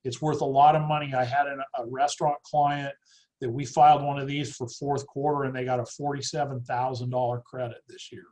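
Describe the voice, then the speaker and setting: A man with a middle-pitched voice talks through client numbers in a matter-of-fact way. He is on a video call, and a faint clicking is heard behind him. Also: little pitch movement, fairly quick, darkish tone, low-quality recording. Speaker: accountant. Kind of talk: webinar presentation.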